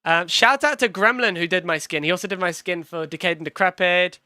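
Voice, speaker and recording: A young man reacting to his own video on stream, excitable and swearing, talking in quick bursts. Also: sits high, no echo, clean studio sound. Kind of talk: casual reaction commentary.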